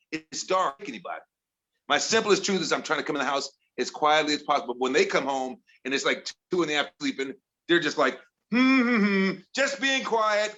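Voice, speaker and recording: Exasperated man from Chicago doing stand-up. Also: pushed and bright. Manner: exasperated storytelling, mimics family in higher voices. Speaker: stand-up comedian. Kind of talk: stand-up set. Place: comedy bar with audience.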